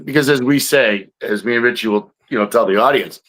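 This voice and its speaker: A man who co-hosts a podcast and investigates Bigfoot tells a field story in casual chat, rambling with many fillers. His mid-range voice is brisk and a bit bright, in a low-quality recording.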